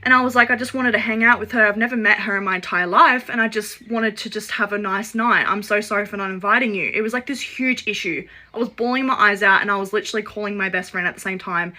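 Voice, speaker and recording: A woman's voice: mid-range voice, steady tone, fast talker, few pauses, sharp tone. A woman telling a personal story in a casual, chatty way, often acting out what others said to her. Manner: chatty, acts out quoted dialogue; frequent "like" fillers.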